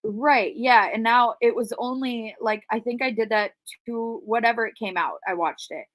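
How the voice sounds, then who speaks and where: Relaxed woman co-host, dry close sound. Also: a little high, normal speed, no room sound. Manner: relaxed, laughs along, rambling asides. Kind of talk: casual chat.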